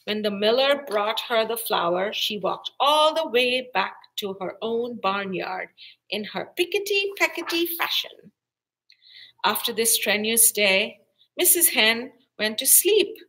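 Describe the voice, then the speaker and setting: A woman librarian reading a picture-book story aloud to children, slow and expressive. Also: on the high side, poor audio.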